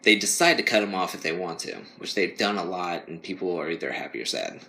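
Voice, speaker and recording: A man's voice: low voice, animated, fast talker, bright, forceful tone, slight background noise. A young man co-hosting a podcast, rambling casually and laughing often as he mocks whiny voices. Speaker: podcast co-host. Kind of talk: casual chat.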